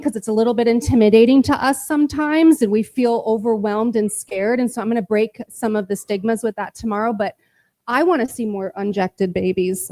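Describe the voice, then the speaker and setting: A woman's voice: medium pitch, dark tone, no echo. A woman, a paramedic and midwife instructor, giving direct, earnest answers in an onstage interview on a handheld mic. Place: festival stage. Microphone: handheld microphone.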